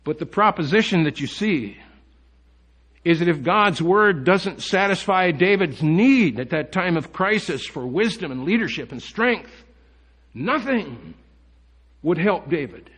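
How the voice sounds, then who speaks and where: A man's voice: high-pitched, lively intonation, measured pace, fairly bright tone, husky. A pastor preaching a sermon to his congregation, reading scripture aloud and putting earnest questions to his listeners. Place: church.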